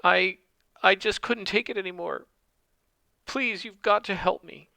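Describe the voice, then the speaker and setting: A man's voice: high-pitched, measured pace, creaky, bright, forceful tone, no echo, pitched above the performer's own voice, heavily acted. A man doing a sobbing, pleading young woman cultist. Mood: pleading, tearful. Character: young woman cultist faking tearful distress.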